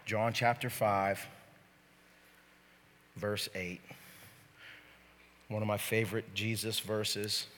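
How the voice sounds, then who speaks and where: A man pastor preaching a sermon to his church, moving from quiet teaching to shouted preaching. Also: fairly low pitch, flat delivery, takes it slowly, pauses often, a little hiss or hum. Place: church sanctuary. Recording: long reverb of a large hall.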